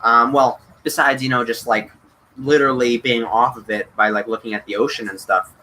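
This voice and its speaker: Guy on a livestream reading chat qs, eager and rambly, mid pitch, crisp bright tone. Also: steady tone, normal speed, slight background noise, low-quality recording. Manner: eager and chatty, many ums and restarts. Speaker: livestream host answering chat questions. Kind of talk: casual livestream Q&A.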